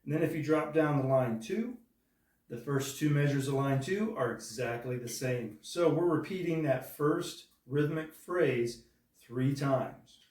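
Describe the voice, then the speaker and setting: Speaking a little slowly in a medium-pitched, slightly mellow voice, a drum instructor teaches a part step by step and patiently counts the rhythms out loud. The mic sits far away in a room with plenty of echo.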